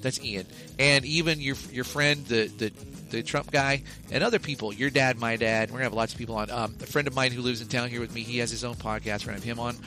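Guy cohosting a podcast, bright voice, rambly and swears a lot, faint guitar behind. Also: medium pitch, fairly even intonation, fast. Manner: rambling, profane, jokey storytelling. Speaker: podcast co-host. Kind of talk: casual chat.

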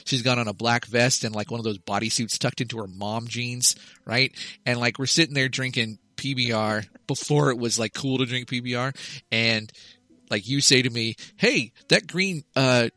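A man's voice: mid-range voice, normal speed, pushed and bright, no room sound. A man in his thirties, a podcast co-host telling a rambling, profane comic story in casual chat. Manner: rambling storyteller, swears freely.

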